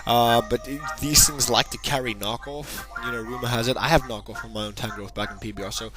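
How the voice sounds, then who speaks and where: A man giving casual, rambling and jokey commentary over a game battle, breaking into bursts of excitement. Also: mid-range voice, fairly quick, low-quality recording. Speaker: gaming channel host. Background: background music.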